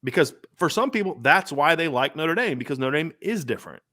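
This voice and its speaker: A man's voice: on the high side, animated, a little fast, sharp tone. A man hosting a sports podcast, talking in an emphatic, rambling way with many restarts. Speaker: podcast host. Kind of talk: casual sports talk.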